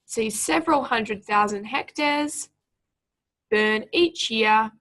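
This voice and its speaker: A young woman gives a speaking lesson for exam preparation. Her voice sits a little high, with a gravelly fry running through it. She reads deliberately and marks each pause and stressed word like a patient teacher. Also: fairly bright tone. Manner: clear, deliberate teacher reading aloud. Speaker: speaking tutor.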